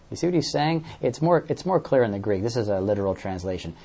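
A man's voice: medium pitch, animated, fast, gravelly, hardly any pauses, warm tone, slightly rough. A man preaching a sermon, explaining verses with everyday examples and often repeating words as he searches for the next phrase.

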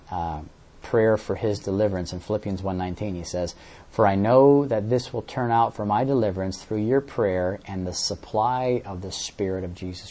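Low, mellow male preacher. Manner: teaching, repeats words while searching; explains verses with everyday examples. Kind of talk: sermon.

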